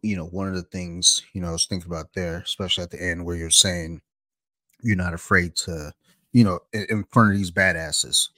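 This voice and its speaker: A man with a very deep voice hosts a casual podcast chat, candid and reflective. The recording is dry and close. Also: steady tone, fairly quick, sharp tone, no echo. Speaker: podcast host.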